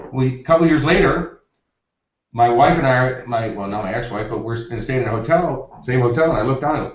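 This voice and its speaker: A man's voice: medium pitch, brisk. A man, a success coach, telling anecdotes in an interview with energy and acting out the quotes. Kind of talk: interview storytelling. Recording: roomy, distant, dull lo-fi.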